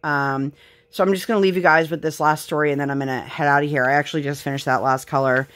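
A woman's voice: deep voice, fairly even intonation, fast. A woman in her thirties, a mother and vlogger, chatting casually and telling rambling stories while she crafts. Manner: rambling storytelling with fillers, bright sign-off.

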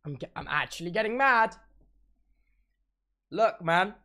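A man's voice: sits high, expressive, a little slow, pushed and bright. A young man chatting on a livestream. He swears a lot, rants about tech trouble and repeats himself as he talks. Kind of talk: casual stream chat.

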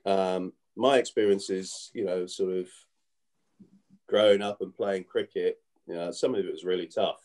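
Mellow-voiced man telling rambling stories. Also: low-pitched, steady tone, normal speed. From grew up in England. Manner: rambling, full of "you know" and restarts. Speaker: guest, former cricketer. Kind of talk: casual storytelling interview.

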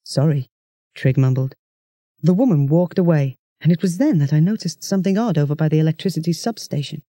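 A narrator tells a children's story in a chatty first-person voice. The tone is mellow and close, with a dry, dead sound. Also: medium pitch, expressive, fast, no room sound. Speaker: audiobook narrator.

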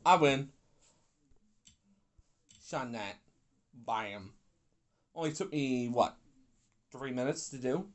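A man's voice: mid-range voice, expressive, slow pace, long pauses. A young man giving grumpy, rambling commentary while playing an online pool game, swearing and complaining at his opponents. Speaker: gaming YouTuber. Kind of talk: casual gameplay commentary.

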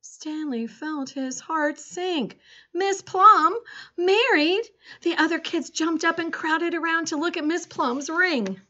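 Woman, storybook read-aloud, expressive, higher voice, dull lo-fi recording. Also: unhurried, hardly any pauses.

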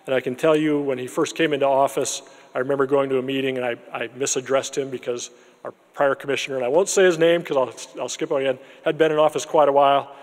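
A man at a podium in a big room, mid-pitched, earnest and measured, often restarting his phrases. His voice rings with a long hall reverb behind it. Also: little pitch movement. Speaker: interim dean hosting a university celebration. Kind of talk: formal event remarks and speaker introduction. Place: large lecture room with an audience.

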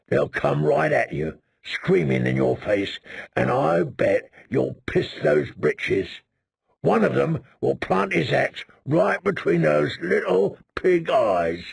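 Man doing a slow, sneering bully. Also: a little high, vocal fry, husky, no echo, full character voice.

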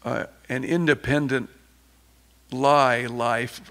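A man's voice: medium pitch, steady tone, slow pace, fairly bright tone. A man preaching an informal sermon, conversational and rambling with many restarts, turning fervent at times.

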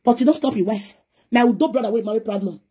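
Fast-talking husky Nigerian woman. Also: fairly high pitch, mellow. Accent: Nigerian Pidgin English. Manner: scolding, preachy, mixing pidgin and English. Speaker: live video presenter. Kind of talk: heated live-stream rant.

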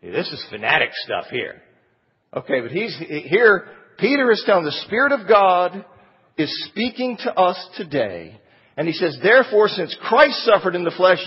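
A man with a husky, fairly high voice teaches a Bible lesson like a sermon. He presses his points with rhetorical questions. The recording is dull and muffled, with a long reverb trailing off the hall walls. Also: sing-song, a little slow. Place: church auditorium.

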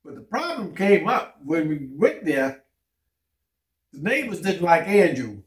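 A man's voice: fairly high pitch, measured pace. A man co-hosting a vlog, chatting casually and acting out the people in his stories. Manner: animated, acts out quoted people. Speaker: vlog co-host. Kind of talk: casual storytelling chat. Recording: echoey room, mic at a distance, faint noise.

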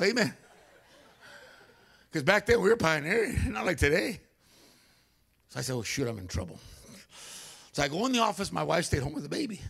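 A man preaches in a church, spinning a comic personal story. His voice sits high, with a gravelly edge and big swings in pitch. He is animated throughout and acts out every voice in the tale. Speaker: guest preacher. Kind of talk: humorous storytelling sermon. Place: church sanctuary.

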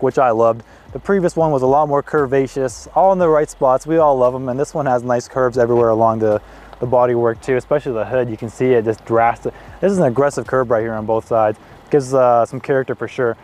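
Walking around a parked car outside, a twenty-something man reviews it in a chatty, excited manner. He tosses in offhand asides, and his voice has a medium pitch.

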